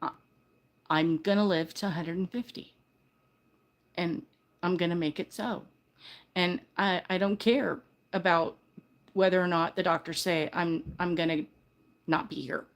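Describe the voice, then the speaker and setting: Lowish and fairly even, this older woman's voice moves a little slowly with frequent pauses. Hosting a casual livestream, she's heartfelt and earnest, wandering in her talk and self-correcting by restarting sentences.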